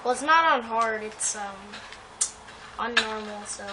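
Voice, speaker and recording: A woman with a fairly high voice gives live gameplay commentary on her own channel. She is anxious and talks to the game, repeating short phrases over and over. Clear steady noise runs under the recording. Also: a little slow. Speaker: gamer, channel host.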